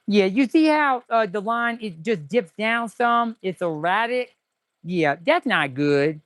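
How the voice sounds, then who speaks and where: A man putting on a slow, drawling impression of a smooth-talking ladies' man character. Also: high-pitched, lively intonation, fairly bright tone, dry recording, studio quality, exaggerated voice.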